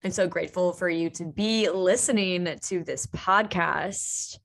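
A woman's voice: lowish voice, unhurried, creaky, a little hiss or hum. A young woman hosting her own podcast, talking unscripted, emotional and laughing, swearing freely as she chats. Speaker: podcast host. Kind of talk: unscripted casual podcast talk.

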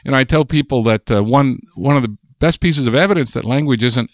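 A man's voice: medium pitch, a little fast, dry recording, studio quality. An American man, a guest linguist on a podcast, explaining ideas patiently and thinking aloud as he goes. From United States. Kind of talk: podcast interview.

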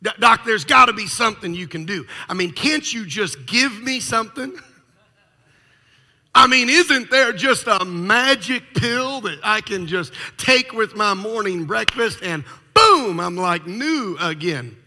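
A man's voice: sits high, moderate pace, sharp tone, voice pushed up, heavily acted. A preacher voicing an unfit male heart patient who pleads and protests with a stammer. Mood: protesting. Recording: long reverb of a large hall.

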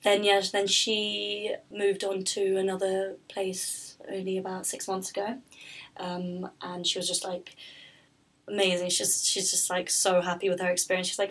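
A woman's voice: mid-range voice, level tone, moderate pace, breathy edge. A woman who founded a pastry business, chatting in an interview, rambling with lots of fillers and restarts. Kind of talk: casual interview chat.

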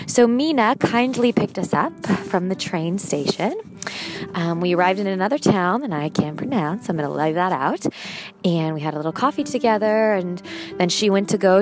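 A woman hosting her show, chatting casually and musing aloud as she walks outdoors beside a river, often correcting herself. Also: fairly low pitch. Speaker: podcast host. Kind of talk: casual walking monologue.

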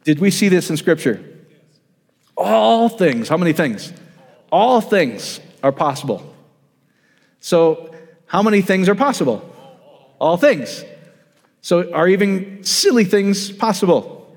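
A man's voice: high-pitched, sing-song, slow, pauses often, big-room sound. A man preaching a sermon, emphatic and repetitive, often restarting his sentences. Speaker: pastor.

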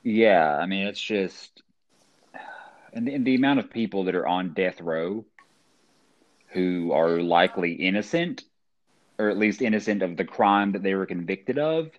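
A man's voice: low-pitched, measured pace, pauses often, dull audio. A man co-hosting a casual true-crime podcast, thinking aloud and hesitating. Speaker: podcast co-host.

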